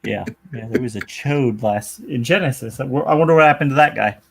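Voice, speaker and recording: A man's voice: medium pitch, fairly quick, gravelly, a little hiss or hum. A man co-hosting a casual stream, trading dry, bawdy quips. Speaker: co-host. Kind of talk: casual joking chat.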